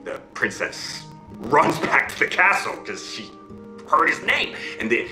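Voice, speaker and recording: A man with a mid-range voice tells a fairy tale to listeners at an unhurried pace, animated and checking in with them as he goes ("okay?", "right?"). The rough recording is reverberant, with music playing in the background.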